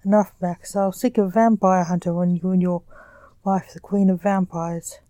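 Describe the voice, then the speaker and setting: A woman's voice: lowish voice, steady tone, normal speed, warm tone, dry recording, lightly acted. A woman reading as a curt, snappish male sorcerer. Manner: snappish, grumbling. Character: curt bureaucratic male sorcerer stage magician.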